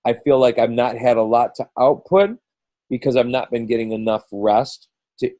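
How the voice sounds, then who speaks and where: A man's voice: mid-range voice, steady tone, normal speed, dark tone, no room sound, poor audio. A middle-aged man leading a group coaching call in a casual, rambling way, full of restarts and acted-out quotes.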